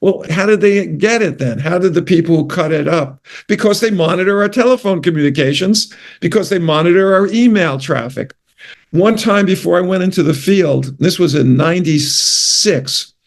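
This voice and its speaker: An older man with a New York accent tells stories in a casual interview. His voice sits a little high for a man. He rambles from one anecdote to the next and often corrects himself mid-sentence. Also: normal speed, vocal fry. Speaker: guest, retired physician.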